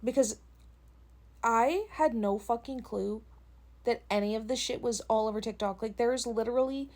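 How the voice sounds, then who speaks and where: A woman's voice: on the high side, moderate pace. A young woman and content creator venting in a casual vlog, telling stories with lots of swearing and laughter into a phone. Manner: profane, animated storytelling with laughs.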